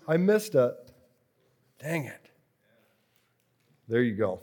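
A man teaching a preaching workshop to a live group, slow and deliberate, repeating key phrases as he works through a drawing. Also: mid-range voice, very animated, darkish tone.

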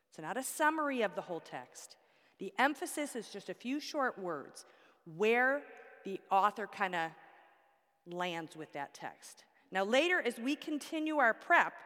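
A woman's voice: mid-range voice, fairly bright tone. A woman teaching a Bible study class, explaining step by step with props and asking the class questions. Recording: long hall reverb.

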